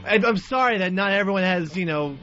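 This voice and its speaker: A man with a high voice rants on a radio talk show, getting worked up and indignant. The sound is dull broadcast audio with faint music playing underneath. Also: animated, a little fast, pushed and bright. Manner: indignant, ranting, easily worked up. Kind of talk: casual radio banter.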